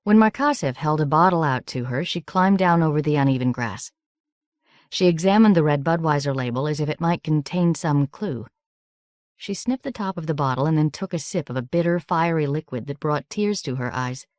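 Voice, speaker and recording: Woman, audiobook narration, low voice, dry close sound, measured and steady. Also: dry recording.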